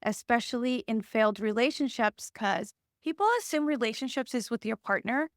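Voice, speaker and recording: A woman's voice: fairly high pitch, moderate pace, no echo, clean studio sound. A woman hosting a casual podcast conversation, earnest and encouraging as she affirms her guest. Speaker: podcast host.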